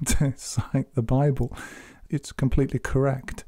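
A man giving measured, earnest spoken commentary on scripture, exhorting his listeners. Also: mid-range voice, flat delivery, dark tone, no echo, clean studio sound. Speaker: Quran commentator.

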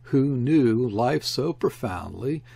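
Slow, gravelly male audiobook reader. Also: medium pitch, animated, dark tone, no room sound. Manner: measured, reflective reading with lingering phrases. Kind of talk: audiobook narration of a literary memoir.

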